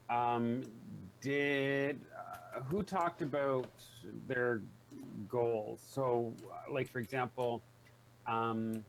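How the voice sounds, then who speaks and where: A man with a mid-pitched voice politely puts questions to the group during a tabletop game. A faint hum can be heard behind him. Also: low-quality recording. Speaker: player. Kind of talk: tabletop role-play chat.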